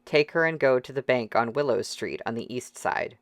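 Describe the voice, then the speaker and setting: A man voicing a calm, cold outlaw who speaks low and quiet, in an audiobook reading. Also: normal speed, no echo, lightly acted.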